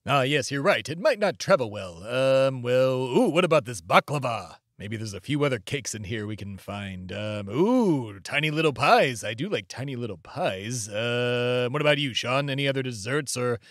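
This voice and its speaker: A man's voice: medium pitch, animated, moderate pace, few pauses, fairly bright tone, no echo, clean studio sound. A man hosting a comedy podcast in character, rambling through absurd boasts with lots of ums. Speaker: podcast host.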